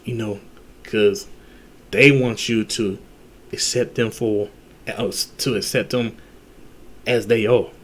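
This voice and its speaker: A man's voice: fairly low pitch, fairly even intonation, slow pace, pauses often. A man giving dating advice in a casual, blunt monologue, full of slang, cursing and restarts. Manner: blunt, heavy slang and cursing, repeats himself.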